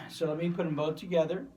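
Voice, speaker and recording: A man's voice: on the high side, fairly quick. Man teaching a drum lesson, from across the room. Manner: relaxed, explaining step by step with fillers. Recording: voice from a distance from the mic. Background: drum kit and cymbals.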